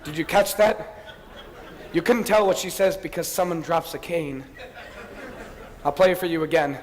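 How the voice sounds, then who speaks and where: A man plays a wistful musical fan who leans in to share his obsessions in chatty, confiding asides. His voice sits a little high. It rings through a reverberant theatre hall with a faint hiss underneath. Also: normal speed, a faint crowd, lightly acted. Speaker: narrator character commenting on a record. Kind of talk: amateur stage musical acting. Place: theatre stage.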